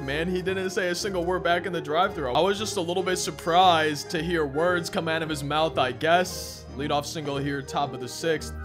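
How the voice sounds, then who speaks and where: A young man tells a long, meandering story while he plays a game, and his voice sits a little on the high side. He keeps restarting his sentences and padding them with fillers. Faint music plays underneath. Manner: rambling, frequent restarts and "like". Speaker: gaming storyteller. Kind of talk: casual story time over gameplay.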